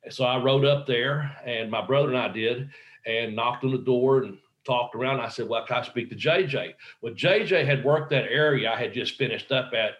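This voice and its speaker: A man's voice: medium pitch, normal speed, fairly bright tone, dull audio. A man, a professional wrestler, telling a long anecdote in casual conversation, rambling and acting out the voices of the people he quotes. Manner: frequent fillers and restarts.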